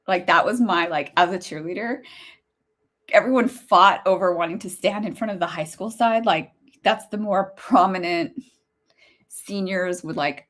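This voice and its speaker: A woman's voice: lowish voice, moderate pace, fairly bright tone. A woman in her forties telling a personal story as a podcast host, chatty and laughing, turning emotional and teary. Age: 40s.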